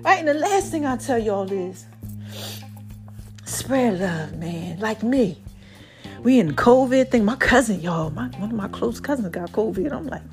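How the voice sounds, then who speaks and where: A woman with a New York accent hosting a podcast in a casual, animated motivational monologue, drawling and breaking into bits of song. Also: on the high side, a little slow, long pauses, soft background music. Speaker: podcast host.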